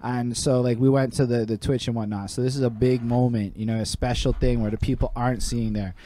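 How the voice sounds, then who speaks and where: A man's voice: medium pitch, steady tone, fairly quick, warm tone, a little hiss or hum. A man hosting an interview show from his home, talking loose and profane with plenty of slang. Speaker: host. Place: home room.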